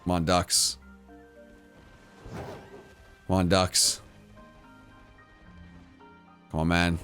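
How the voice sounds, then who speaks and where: A man's voice: sits low, little pitch movement, slow pace, fairly bright tone, faint music behind. A man streaming live to his chat, giving casual game commentary and repeating phrases as he goes. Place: home room.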